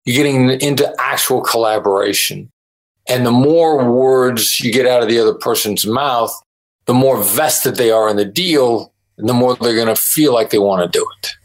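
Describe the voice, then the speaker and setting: A middle-aged man answers interview questions on a podcast. He explains firmly and emphatically, acting out sample lines of dialogue. His pitch sits in an ordinary middle range. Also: normal speed, low-quality recording. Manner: emphatic, explanatory, acts out example phrases. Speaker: negotiation expert guest.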